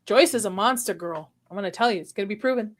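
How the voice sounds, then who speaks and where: A woman's voice: mid-range voice, quick pace. A woman hosting a casual chat, playful and teasing. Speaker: host.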